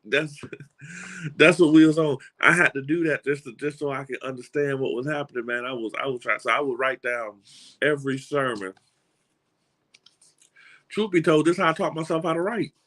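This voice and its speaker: A middle-aged man with a Southern US accent gives a motivational talk in an animated, folksy storytelling style, often restarting and repeating words. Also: fairly high pitch, brisk. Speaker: motivational speaker.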